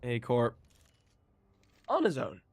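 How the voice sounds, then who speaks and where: A man casting a live match with play-by-play commentary, excitable and quick to exclaim between calls. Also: medium pitch, creaky, breathy edge, no room sound. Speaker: esports caster.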